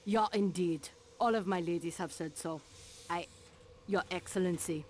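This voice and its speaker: A woman's voice: fairly low pitch, normal speed, a little mellow, slight background noise, natural voice. A woman voicing a nervous, loyal German lady's maid in a game, flustered and stiff.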